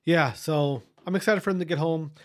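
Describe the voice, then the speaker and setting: A man's voice: on the high side, fairly quick, dry recording, clean studio sound. A man in his thirties hosting a podcast, chatting casually in a rambling, profane manner full of restarts. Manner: rambling, profane, self-interrupting. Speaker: podcast host.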